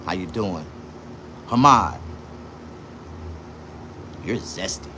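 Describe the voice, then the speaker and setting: A man talking on a live stream from inside his own shop in a casual, boastful, profane, rambling way, jumping between loud bursts and low mutters. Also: expressive, extremely slow, a little hiss or hum. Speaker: livestreamer and shop owner.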